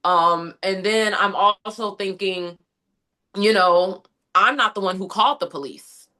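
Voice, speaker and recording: A young adult woman with a bright, forceful voice and a middle pitch. She tells her story animatedly to an interviewer and keeps quoting what she thought. Her words come out in a quick, conversational flow. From United States. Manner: animated storytelling, frequent "like" and quoted inner thoughts. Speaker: interview guest. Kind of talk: conversational interview recounting an incident.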